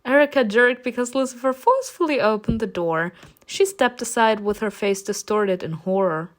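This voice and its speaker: A woman's voice: a little high, sing-song, measured pace. A woman reading a romance story game aloud, reacting with laughter and playful swearing between passages. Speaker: game player reading a visual novel aloud.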